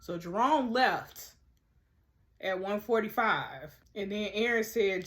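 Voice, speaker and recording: A chatty woman speaks straight to her viewers while working through a mystery game. She thinks aloud and reads clues off the screen. Her pitch sits in an ordinary middle range. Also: lively intonation, slow, a bit bright. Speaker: gamer playing a mystery game. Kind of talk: casual let's-play commentary.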